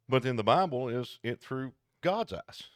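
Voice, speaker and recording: A man co-hosting a casual podcast chat, talking in an animated, digressive, jokey way. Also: mid-range voice, creaky, no echo, clean studio sound. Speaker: podcast co-host.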